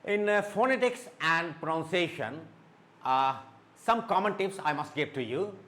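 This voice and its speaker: Tutor, male, slightly high voice, drills words slowly, mixes in Hindi. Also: lively intonation, fairly bright tone. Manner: slow, repeats words and says okay often; mixes Hindi explanations into English. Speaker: English teacher. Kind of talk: spoken English lesson.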